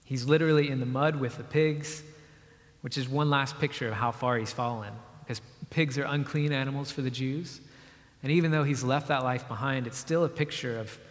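Male preacher, mid-pitched, chatty storytelling delivery, church hall echo. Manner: conversational and explanatory, with acted-out quotes. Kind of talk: sermon. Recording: long reverb of a hall.

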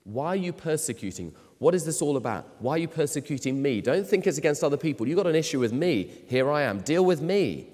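A man preaching voices the risen Jesus as a forceful, commanding man calling someone out, in a reverberant hall. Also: fairly high pitch, sing-song, fast talker, few pauses, pitched above the performer's own voice. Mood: confronting.

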